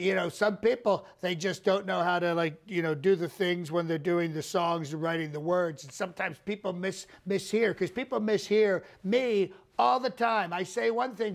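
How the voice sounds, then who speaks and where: A man playing a boastful former president who rambles, repeats phrases and praises himself without pause. The voice sits high for a man and has a gravelly edge, delivered as an improvised comic press conference. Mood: rambling. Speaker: comedian doing a live impression.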